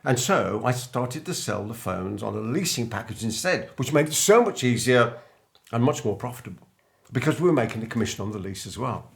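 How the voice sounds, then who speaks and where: A man's voice: mid-range voice, expressive, brisk, gravelly. An older man, a business coach, telling an anecdote to camera and acting out remembered dialogue. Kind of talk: storytelling monologue to camera.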